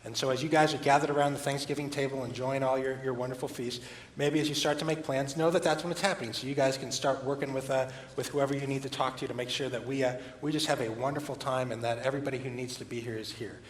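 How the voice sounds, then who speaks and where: A man giving church announcements in a quick, enthusiastic, inviting way. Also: mid-range voice, fairly even intonation. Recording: echoey hall from far off with faint noise.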